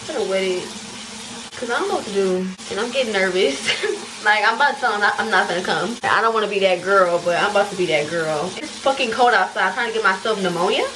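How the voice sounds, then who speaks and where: A young woman vlogs to viewers as she gets ready at home, talking casually with plenty of profanity and a frank, self-mocking attitude. Her voice sits in the mid-range, and there's noise in the background.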